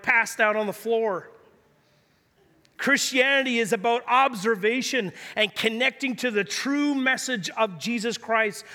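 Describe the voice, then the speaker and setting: Male pastor, very high and bright voice, energetic and jokey, long hall reverb. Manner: energetic, jokey storytelling preacher. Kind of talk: sermon.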